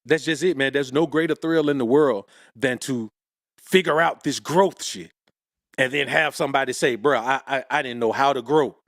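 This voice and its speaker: Birmingham man, Southern accent, motivational co-host, mid-pitched, dead-dry mic. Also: normal speed, fairly bright tone, no echo. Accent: Southern US, Alabama. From Birmingham, Alabama. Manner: motivational, says bruh and man often. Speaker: podcast co-host. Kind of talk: casual chat.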